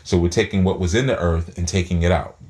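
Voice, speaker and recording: A man's voice: low voice, fast talker, darkish tone. A man giving a spiritual teaching talk, speaking through his teeth and often repeating words as he thinks aloud.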